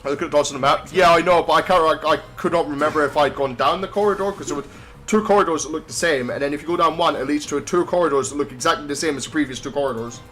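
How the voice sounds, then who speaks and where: A man's voice: on the high side, very fast, fairly bright tone. Scottish lad narrating his playthrough, chatty and rambling, faint music underneath. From Scotland. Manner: chatty, rambling, self-mocking. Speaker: let's play gamer. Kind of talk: casual gameplay commentary.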